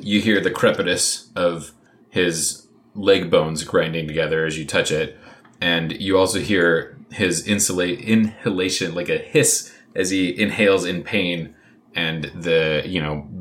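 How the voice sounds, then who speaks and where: A man narrating a tabletop game as game master, in a casual, halting way with many restarts. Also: low voice, fairly bright tone.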